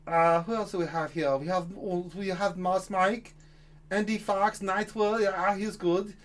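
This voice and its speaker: A man's voice: high-pitched, fairly even intonation, measured pace. A man doing a cranky Kermit the Frog. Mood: mocking. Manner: insulting, boastful, rambling roll call. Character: cranky foul-mouthed frog puppet, male.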